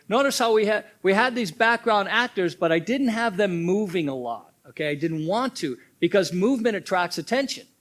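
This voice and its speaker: A man leads a drama workshop in a fairly high voice. He explains stagecraft in a teaching tone. He drives home each point by repeating it and checking in with "okay?". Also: a bit bright. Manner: instructive, tags points with "okay?"; repeats key points for emphasis. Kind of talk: teaching seminar.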